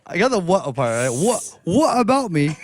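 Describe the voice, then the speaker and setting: An American man doing a hammy British street accent, bouncing high and low. The voice is exaggerated, self-mocking and giggly. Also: very animated, normal speed, no room sound. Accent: put-on British.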